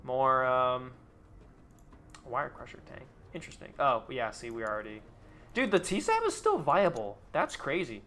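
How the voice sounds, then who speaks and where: A man's voice: medium pitch, big pitch swings, normal speed, sharp tone. A young man casually commenting on a game he is live streaming, bantering and joking with his chat and swearing freely.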